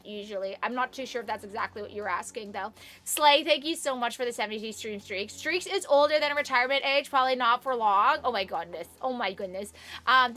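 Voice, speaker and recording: A young woman chats on a live stream, thanking viewers and trailing off into fillers and humming. Her voice sits high and sounds bright and sharp, with soft music under it. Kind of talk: casual live-stream chat.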